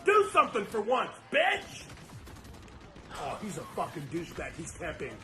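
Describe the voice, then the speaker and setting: A man acting out a furious young gamer in a comedy skit, his voice sitting high and swinging wildly as he yells and curses. The tone is bright and sharp, and his rage keeps boiling over at his mother. A faint hiss of noise sits under the clip. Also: wildly swooping pitch, normal speed, heavily acted. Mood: raging. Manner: yelling, cursing, swearing at his mother. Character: young male online gamer, raging and foul-mouthed.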